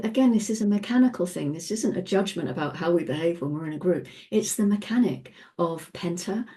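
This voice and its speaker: A woman with a low, mellow voice talks through a lesson in an easy, unhurried way. She laughs often and lets some phrases fall away into soft near-whispers. The tone stays casual and conversational throughout. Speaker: human design teacher. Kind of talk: casual teaching monologue.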